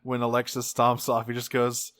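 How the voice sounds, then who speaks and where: A man co-hosting a podcast, recapping an episode in a rambling, profane, animated way. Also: mid-range voice, normal speed, no echo. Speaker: podcast co-host. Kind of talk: casual episode recap chat.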